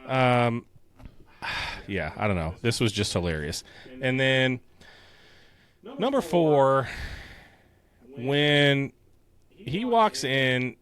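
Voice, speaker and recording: A man in his thirties co-hosting a casual podcast, animated and chatty. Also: mid-range voice, very slow, long pauses. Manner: animated, quotes movie lines in silly voices. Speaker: podcast co-host.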